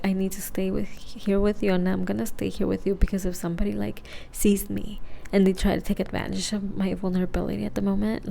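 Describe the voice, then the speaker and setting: A young woman telling a rambling ASMR story in a mostly whispered voice, casual and full of "like" and swearing, while high. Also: creaky, mellow, a little hiss or hum.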